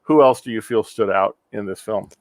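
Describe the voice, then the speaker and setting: A man's voice: fairly low pitch, normal speed, a little mellow, no echo. Guy hosting a movie review podcast, laid back, laughs a lot, dry close mic. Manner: leads the discussion, laughs easily. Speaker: podcast host. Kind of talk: casual movie review chat.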